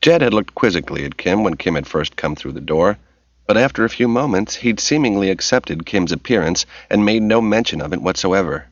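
A man narrating an audiobook in a steady, measured reading voice. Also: low voice, no echo. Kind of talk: scripted narration. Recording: dull lo-fi recording.

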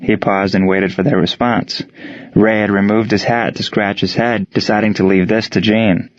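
A man narrating a story in even, steady scripted narration. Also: lowish voice, moderate pace, no room sound. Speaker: audiobook narrator. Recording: dry, dull lo-fi sound.

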